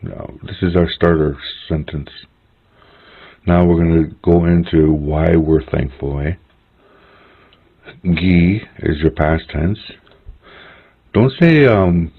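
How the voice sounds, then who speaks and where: A man leads a relaxed spoken language lesson, slowly sounding out words one syllable at a time. His voice is deep and a little husky, with casual "eh?" asides. The audio is narrow and phone-like. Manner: slow, patient, repeats words syllable by syllable; chatty asides ending in "eh?". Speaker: language teacher.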